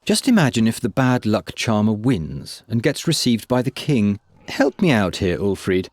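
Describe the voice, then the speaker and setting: An actor playing a mocking, condescending young village bully in a video game. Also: male voice, on the low side, big pitch swings, normal speed, dry recording, studio quality. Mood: scheming.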